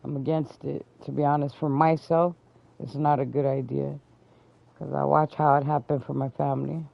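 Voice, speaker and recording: A woman's voice: flat delivery, moderate pace, gravelly. A woman host telling a long story in casual chat, swearing freely. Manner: profane, loud and high when quoting people. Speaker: streamer host. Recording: dull lo-fi stream audio.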